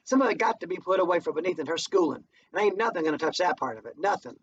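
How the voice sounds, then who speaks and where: Guy doing an old mama, firm and tired, folksy talk, pitched up high, muffled far-off recording. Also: expressive, husky. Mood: stern. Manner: slow, folksy dialect. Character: aging mother, devout, firm and weary. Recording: distant muffled home recording, faint noise.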